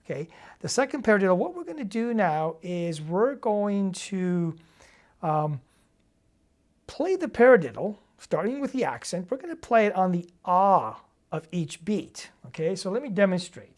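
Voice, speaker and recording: A woman's voice: fairly low pitch, sing-song, unhurried, a little mellow. A woman teaching drum rudiments, explaining and counting sticking patterns step by step in a casual, encouraging way. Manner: casual and encouraging, with fillers and check-ins. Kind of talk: instructional demonstration.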